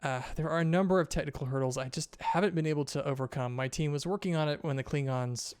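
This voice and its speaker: A man's voice: on the high side, quick pace, a little mellow, smooth, dry recording, studio quality, natural voice. A man voicing a flustered, scattered woman scientist who rambles through technical explanations.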